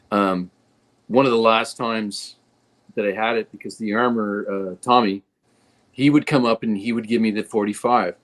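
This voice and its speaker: A man speaking as a guest in a casual interview, earnest and rambling with restarts. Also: fairly low pitch. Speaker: guest actor.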